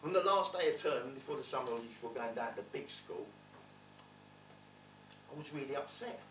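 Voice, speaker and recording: A man's voice: medium pitch, animated, brisk, a bit bright, a little hiss or hum, close to an everyday voice. An actor as a wry man telling his story. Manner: wry, blunt, swearing storyteller. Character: streetwise London man recalling his rough childhood. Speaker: stage actor in a one-man play. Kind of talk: theatrical monologue storytelling. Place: theatre stage. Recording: roomy theatre, distant mic.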